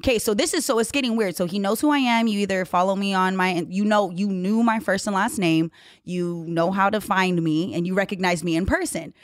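A woman's voice: mid-range voice, brisk, no echo. Brash woman telling a story, dry sound. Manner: brash, animated storytelling with profanity. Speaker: podcast co-host. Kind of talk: casual storytelling chat.

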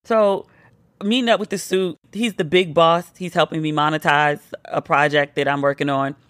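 A woman's voice: low-pitched, fairly even intonation, normal speed, fairly bright tone, no room sound. A woman hosting a podcast, tipsy and telling a playful story in a casual monologue, now and then mimicking her friends. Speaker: podcast host.

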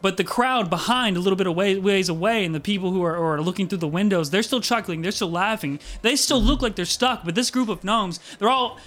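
A man narrating as game master of a tabletop game, describing scenes with many halting restarts. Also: high voice, fairly bright tone, faint music behind.

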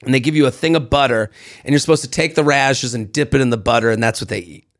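A man, a comedian, telling an animated, profane story in casual podcast chat. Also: medium pitch, fast. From United States.

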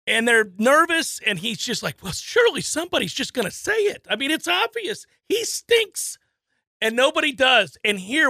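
Sports talk co-host, male, high bright voice, animated storyteller acting out voices, dry studio sound. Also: dry recording. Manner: animated storyteller, acts out voices, laughs often.

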